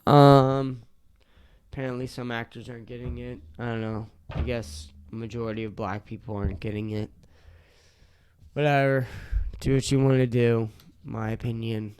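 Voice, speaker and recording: A man's voice: mid-range voice, level tone, moderate pace, darkish tone, smooth, no room sound. A young man hosting a solo podcast, rambling and swearing in an exasperated rant, a bit tipsy, with a sore throat. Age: young adult. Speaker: podcast host.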